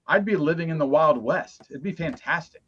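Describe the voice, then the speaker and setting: A man co-hosting a live stream, joking and arguing loudly in casual chat. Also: fairly high pitch, a little fast, slightly rough, lo-fi sound. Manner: boisterous, argumentative joking. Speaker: co-host.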